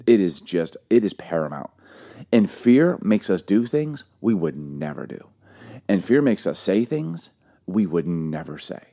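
A man in his forties co-hosting a casual talk, an animated storyteller who repeats phrases for emphasis. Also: sits low, unhurried. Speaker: podcast co-host. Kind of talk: casual chat with teaching.

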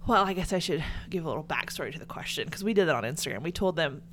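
Southern young woman co-host, animated pitch, playful chatty podcast talk, faint hum. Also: rapid-fire, few pauses. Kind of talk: casual chat.

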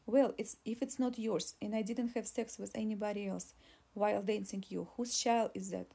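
A woman's voice: mid-range voice, steady tone, normal speed, vocal fry, warm tone, husky. A woman voicing a pregnant young woman who pleads and argues in an audiobook reading. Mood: pleading. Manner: pleading, insistent.

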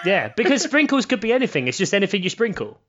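A man chatting casually on a podcast with a dry, deadpan humor. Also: high voice, fast, dull audio.

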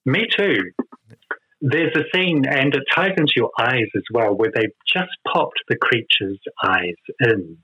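A man discussing a film in casual conversation, thoughtful and quick to laugh. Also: medium pitch, lively intonation, bright, forceful tone, breathy edge. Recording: dull lo-fi sound.

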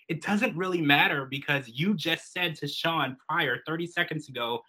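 A man's voice: on the high side, animated, moderate pace, few pauses, bright, forceful tone, breathy edge, rough recording. A man co-hosting a podcast, giving emphatic and indignant opinions in casual recap chat. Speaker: podcast co-host.

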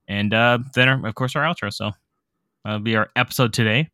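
Bright, upbeat male host, easy podcast patter, dry sound. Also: lowish voice, steady tone, brisk, clean tone, dry recording. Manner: upbeat episode rundown. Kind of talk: casual chat.

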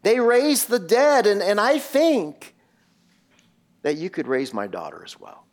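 A man's voice: high voice, very animated, unhurried, pitched above the performer's own voice. A man voicing a desperate grieving father who pleads earnestly for help. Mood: pleading.

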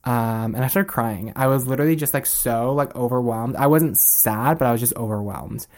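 A young man in his twenties, guesting on a podcast, tells a personal story casually and animatedly, acting out the people he quotes. His voice is mid-range at normal speed.

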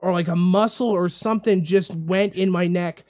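A man hosting a casual talk show, telling a story in a rambling, animated way and repeating his words. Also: high voice, normal speed. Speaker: radio show host. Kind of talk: casual podcast chat, storytelling.

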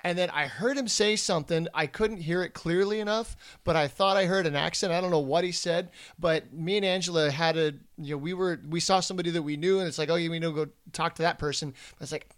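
Podcast co-host, man, quick pace, slightly high pitch, matter-of-fact. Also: clean tone. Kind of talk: casual chat.

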